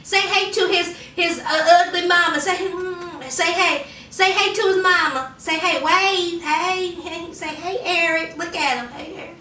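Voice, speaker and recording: A woman's voice: very high voice, fairly even intonation, a little slow, hardly any pauses, pushed and bright, far from the mic, slight background noise, heavily acted. A woman mimicking a giddy young woman who coos and teases while showing off her new boyfriend to her ex. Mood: taunting, giddy. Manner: singsong, teasing, cooing. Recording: roomy echo, off-mic.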